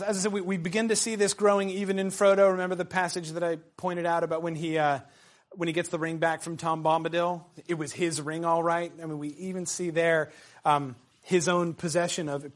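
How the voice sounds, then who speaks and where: A man lecturing on a novel in a loose, conversational way, his voice sitting a little high for a man. He stumbles through restarts and fillers as he works through his points. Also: flat delivery, brisk. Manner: conversational, frequent fillers and restarts, reads quotes aloud. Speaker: literature lecturer. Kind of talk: casual lecture.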